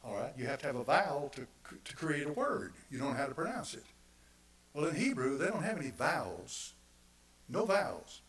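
A male pastor preaching a sermon, repeating phrases for emphasis and swinging from quiet asides to loud, emphatic declarations. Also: medium pitch, low-quality recording.

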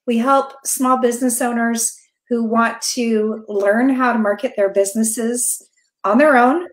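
A middle-aged woman with a fairly high voice coaches listeners on marketing. She talks in an upbeat, direct way and keeps checking in with them. Her voice echoes around a roomy space. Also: fairly even intonation, a little slow. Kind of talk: presenting on a business webinar. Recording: roomy echo.

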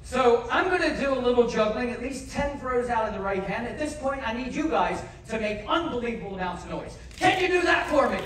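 High, animated male stage comic working a crowd, recorded from the audience in a big echoing hall. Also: fairly quick, few pauses. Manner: joking crowd banter, cheers loudly. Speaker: variety performer. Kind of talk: live stage comedy patter. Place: large cruise ship theater. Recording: echoey theater filmed from far off. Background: audience noise.

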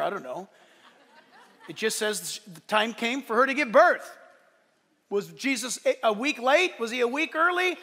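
Pastor guy preaching in church, really high bright voice, long echoey hall reverb, goes loud then quiet with jokes. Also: gravelly. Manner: animated, swings between loud declarations and soft asides; playful, joking asides to the congregation. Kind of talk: sermon. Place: church service.

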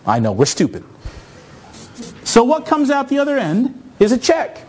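A man from North America giving a conference talk, telling a story in an animated, self-mocking way. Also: very high voice, normal speed, breathy edge. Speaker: conference speaker.

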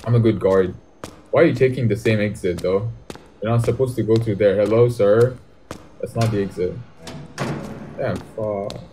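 A man's voice: fairly low pitch, normal speed, pauses often, dark tone, slight background noise. A young man, commenting jokingly on a horror game as he plays and talking back to its characters. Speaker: gaming YouTuber.

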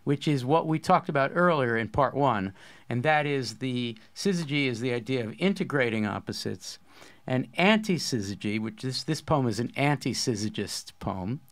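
A man's voice: mid-range voice, expressive, normal speed. A man hosting a poetry course discussion, explaining ideas with eager enthusiasm in a casual academic way.

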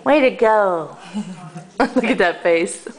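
A woman's voice: medium pitch, animated, very slow, crowd noise. A woman filming a baby at home with a camcorder, coaxing her in sing-song baby talk. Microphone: handheld camcorder.

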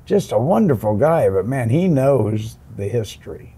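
A man's voice: mid-range voice, very animated, normal speed, warm tone, husky. An older man, a veteran tattoo artist, talking bluntly and swearing freely as he tells stories in a casual interview. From United States. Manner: blunt, salty storyteller who swears freely.

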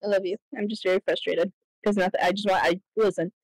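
A woman's voice: mid-range voice, fairly even intonation, fast, darkish tone, dry recording, low-quality recording. A young woman streamer chatting casually while gaming, laughing and swearing often.

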